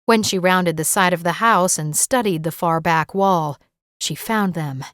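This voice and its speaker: A woman's voice: fairly low pitch, unhurried, fairly bright tone, no room sound. Woman reading suspense, dry close sound. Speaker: audiobook narrator. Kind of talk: scripted narration.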